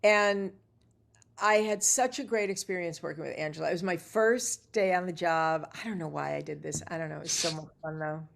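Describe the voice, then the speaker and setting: A middle-aged actress telling lively anecdotes as a guest, acting out the dialogue she quotes. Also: lowish voice, brisk, creaky. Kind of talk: casual interview storytelling.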